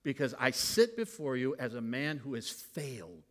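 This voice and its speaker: A middle-aged male pastor preaching a sermon to his church, moving between hushed confiding and loud bursts. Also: medium pitch, sing-song, moderate pace. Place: church sanctuary. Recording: long hall reverb.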